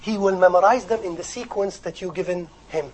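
A man's voice: high-pitched, brisk, low-quality recording. Man preaching. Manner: animated storytelling with jokes. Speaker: Islamic preacher. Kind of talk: sermon.

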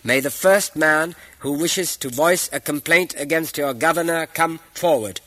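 A man's voice: fairly high pitch, huge pitch swings, normal speed, pushed and bright, slightly rough, dry recording, voice pushed up, full character voice, poor audio. A man doing a stern commanding caliph. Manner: commanding, scolding. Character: stern, devout male caliph ruler.

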